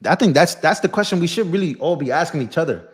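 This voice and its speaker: A young man with a fairly high voice hosts a political live stream. He rants with heat and passion and talks straight to his viewers as bro and y'all. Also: expressive, fast, slightly rough. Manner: impassioned, ranting, addresses viewers as bro and y'all. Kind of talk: heated live-stream commentary.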